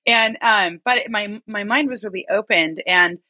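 A woman's voice: mid-range voice, normal speed, sharp tone, dry recording. A woman from rural Oregon hosting an interview, enthusiastic and effusive with frequent laughs. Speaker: interview host. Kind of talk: conversational interview.

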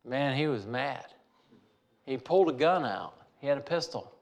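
A man's voice: mid-range voice, expressive, moderate pace. A man telling a personal story in a folksy way, repeating phrases for emphasis.

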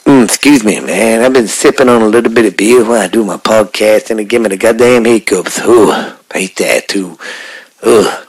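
A man's voice: fairly low pitch, normal speed, husky, low-quality recording. A man voicing a folksy, rambling country uncle podcaster who stammers and uses jive slang. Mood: jovial. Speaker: podcast co-host.

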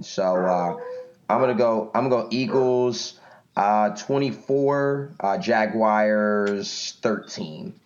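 Hesitant low-voiced man, lo-fi sound. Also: darkish tone. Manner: hesitant, many fillers. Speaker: podcast co-host. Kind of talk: casual sports chat. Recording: dull lo-fi audio.

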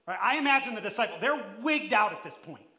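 A man giving a sermon as pastor, preaching emphatically, swinging between loud and hushed and putting questions straight to his listeners. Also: high voice, lively intonation, fast, roomy sound. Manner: addresses the listeners directly with questions.

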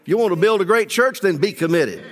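A pastor preaching in a reverberant church. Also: male voice, sits high, animated, a little fast. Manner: rallying the congregation into call-and-response; reflective, asking searching questions. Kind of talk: sermon. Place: large church sanctuary. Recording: long church hall reverb.

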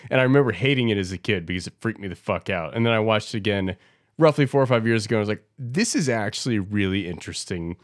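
A man's voice: lowish voice, animated, fast, no echo, studio quality. A man co-hosting a casual podcast, blunt and opinionated, swearing as he makes his points. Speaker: podcast co-host. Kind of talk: casual chat reviewing a film.

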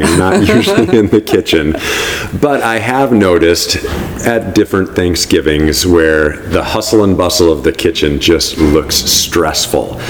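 A man with a Milwaukee accent chats casually as a podcast co-host. His voice is very low, and faint noise sits behind it. He sets up listener questions in a relaxed, friendly way. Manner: chatty, reads listener questions.

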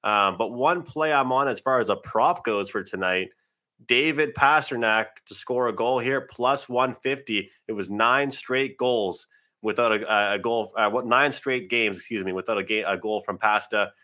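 A man's voice: fairly low pitch, moderate pace, sharp tone. A man co-hosting a sports betting podcast, chatty and loose, full of "you know" and restarts. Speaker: podcast co-host.

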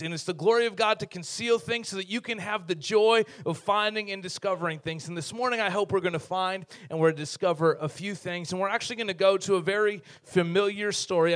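High-voiced, lively male preacher. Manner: lively, conversational, humorous storytelling. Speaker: pastor. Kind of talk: sermon.

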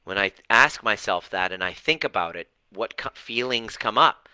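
A man's voice: fairly low pitch, expressive, normal speed, sharp tone, clear, resonant tone, no room sound, poor audio. A man coaching an online group in a livestream talk, passionate and blunt, swearing for emphasis and openly dramatic. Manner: dramatic, fired up. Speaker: relationship and healing coach.

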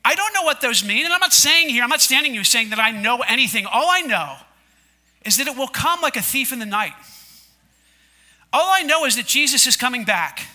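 A man's voice: very high voice, very animated, fairly quick, bright, forceful tone. A man preaching a sermon to his congregation in a church, emphatic and repetitive, often asking the listeners to say lines back with him. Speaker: pastor. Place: church sanctuary before a congregation.

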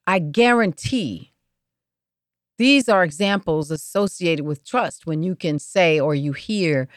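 A woman hosting an inspirational podcast, speaking slowly and repeating words for emphasis. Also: sits low, no room sound, studio quality. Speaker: podcast host.

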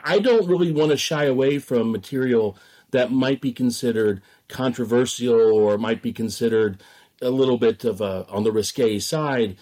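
Measured man talking about theater directing. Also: medium pitch, darkish tone. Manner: measured, thoughtful, hedging. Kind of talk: interview.

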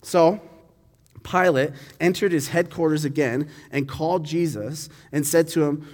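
A man's voice: fairly high pitch, measured pace, a little mellow, long reverb tail. A man preaching a sermon, reading scripture and explaining it in a conversational way, acting out the dialogue. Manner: conversational, acts out dialogue with voices.

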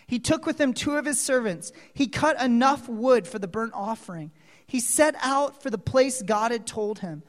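A man preaching a storytelling sermon, dramatic, moving from hushed asides to loud exclamations and asking listeners questions, in a hall with long reverb. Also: very high voice, lively intonation, moderate pace.

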